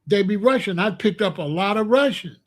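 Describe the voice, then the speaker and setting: Middle-aged guy with a high voice, aave, going on bluntly to his stream chat. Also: expressive, fairly quick. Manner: blunt, repetitive, asks the chat questions. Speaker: livestream host. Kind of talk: casual livestream monologue.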